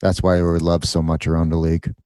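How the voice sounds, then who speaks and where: Deep-voiced joking male co-host. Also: monotone, fairly quick, darkish tone, clean tone, no echo. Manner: joking, opinionated, laughs easily. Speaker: podcast co-host. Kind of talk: casual chat.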